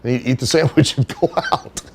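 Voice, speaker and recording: A middle-aged man in an interview, telling stories in a casual, animated way. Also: fairly quick, a little hiss or hum. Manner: animated storyteller, does high put-on voices for others. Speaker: wrestler being interviewed.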